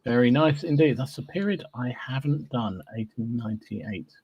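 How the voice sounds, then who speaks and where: A man's voice: mid-range voice, normal speed, breathy edge, highs cut off. A man hosting a live podcast, chatting easily and greeting listeners one by one, with lots of fillers and little hums. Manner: chatty and easygoing, with many fillers and humming. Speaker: podcast host. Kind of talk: casual live-stream chat, reading out viewer names.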